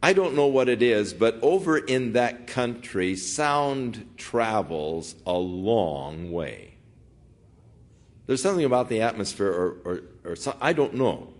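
A man's voice: mid-range voice, very animated, unhurried. A man preaching an expository sermon in a conversational, folksy way. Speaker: pastor.

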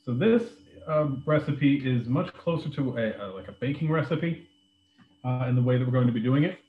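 A man teaches a live online class on making a drink, talking loosely and filling pauses with ums and uhs. His voice sits at an ordinary pitch. It comes through a narrow, phone-like line with a roomy echo behind it. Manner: relaxed, many ums and uhs, loose explanations. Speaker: beverages director teaching a cocktail class. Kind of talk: live online cooking demonstration. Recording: echoey room over a phone-like line.

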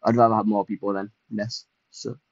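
A low-voiced young man riffs through his livestreamed game, excitable and self-mocking, scattering fillers as he goes. The sound is dry and a little dull, like a close home mic. He jumps between groans, little boasts and chat with viewers. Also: brisk, creaky, dry recording. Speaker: streamer. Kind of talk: casual livestream gameplay commentary.

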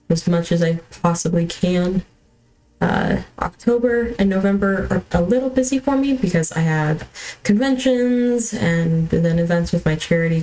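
A woman's voice: on the low side, a little mellow, low-quality recording. A young woman streaming a video game from home, talking casually with lots of fillers and restarts and often apologizing with a laugh. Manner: rambling, chatty, many fillers and restarts. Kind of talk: casual livestream chat while gaming.

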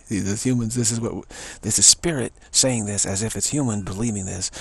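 Male spiritual teacher, low and gravelly, very husky, voice fading, halting monologue. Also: a little mellow. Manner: halting, searching delivery with frequent restarts. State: voice fading to a whisper.

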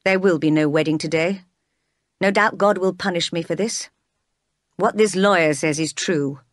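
A woman reads as a brooding storybook gentleman, commanding and growling. The dry, close sound has no room around it. The voice sits a little low. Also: moderate pace, dry recording, lightly acted. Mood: bitter. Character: stern, brooding gentleman, middle-aged man.

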